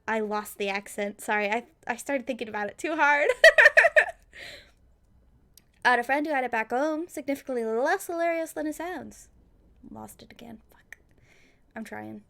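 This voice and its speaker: A woman's voice: a little high, vocal fry, a bit bright. A young woman giving casual, giggly gaming commentary. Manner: giggly, quick asides. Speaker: streamer.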